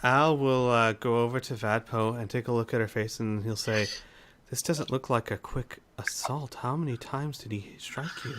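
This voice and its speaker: A man playing a tabletop game, calmly describing his character's actions. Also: medium pitch, normal speed, a little hiss or hum. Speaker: player.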